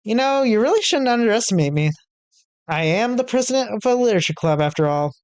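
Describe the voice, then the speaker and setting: A man's voice: high voice, very animated, fast, clear, resonant tone, dry recording, voice pushed up. A man voicing a poised, confident teenage girl club president in a playful, teasing way. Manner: playful, teasing, gently coy.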